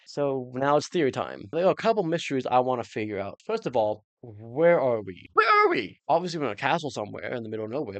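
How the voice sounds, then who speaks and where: A man in a casual, jokey recap of a TV episode, rambling through his theories with sudden excited jumps in pitch. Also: creaky, no room sound. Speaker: reaction channel host.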